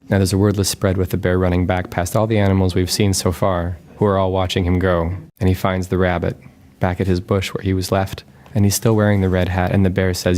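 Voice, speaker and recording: A man reading his picture book aloud and describing its pages in a calm, dry, matter-of-fact way. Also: deep voice, brisk.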